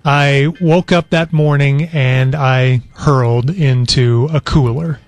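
A man's voice: mid-range voice, fairly even intonation, takes it slowly, no echo, soft background music. A man in his forties hosting a radio show, sounding weak and worn out as he tells a long story in easy chat. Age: 40s. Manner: easygoing storyteller. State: weak and worn out after illness. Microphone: studio microphone.

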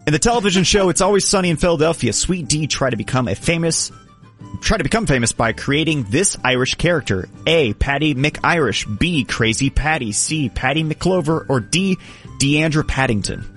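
A man's voice: on the high side, lively intonation, normal speed, a bit bright, faint music behind. A man hosting a casual comedy quiz, playfully reading out questions and multiple-choice options. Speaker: game show host.

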